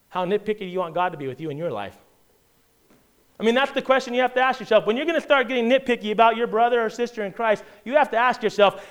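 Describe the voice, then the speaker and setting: A middle-aged male pastor preaching in a notably high, smooth and resonant voice. He reads scripture aloud and presses his points with rising intensity. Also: quick pace, fairly bright tone. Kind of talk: sermon.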